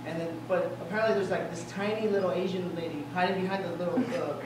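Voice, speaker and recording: A man's voice: sits high, fairly even intonation, quick pace, noisy background. A young man doing stand-up comedy at a college venue, telling stories in a rambling, self-amused way. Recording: echoey hall, recorded from far off. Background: audience ambience.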